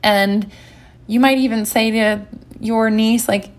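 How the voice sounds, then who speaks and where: A woman giving a gentle, encouraging instructional talk as a recovery coach. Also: fairly high pitch, steady tone, slow pace.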